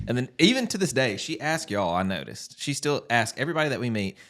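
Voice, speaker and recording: A man's voice: mid-range voice, very animated, quick pace, a bit bright. A man from Alabama with a Southern accent, chatting as a podcast guest in a laid-back, teasing way. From Alabama, USA. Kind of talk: casual chat.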